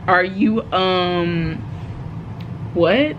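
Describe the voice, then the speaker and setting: A woman's voice: medium pitch, fairly even intonation, slow pace, muffled recording, a little hiss or hum. A woman reading her own story aloud, breaking off with giggles and joking asides. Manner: giggly, breaks off to laugh and comment.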